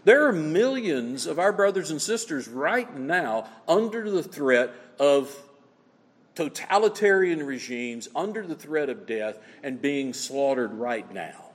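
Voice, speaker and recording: A pastor delivers his sermon in a fairly high voice, pressing his points hard and then dropping low and quiet. His voice rings out with the long reverb of a large sanctuary. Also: very animated, unhurried. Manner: emphatic preaching, swings between loud exclamations and low quiet asides.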